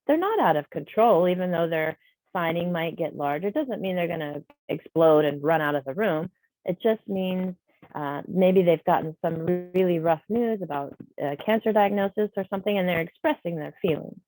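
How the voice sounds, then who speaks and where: A woman's voice: fairly low pitch, normal speed, dark tone, no room sound, poor audio. A woman voicing a deaf trainer's signed talk into speech over a video call, explaining patiently and conversationally. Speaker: sign language interpreter voicing a deaf trainer. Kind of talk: live spoken interpretation of a training session.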